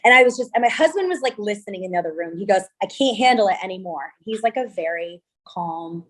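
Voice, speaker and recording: A woman in her thirties from California, a venue owner telling stories in an interview, chatty and animated with lots of quoted dialogue. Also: medium pitch, fast. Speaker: venue owner and wedding designer. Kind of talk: interview conversation.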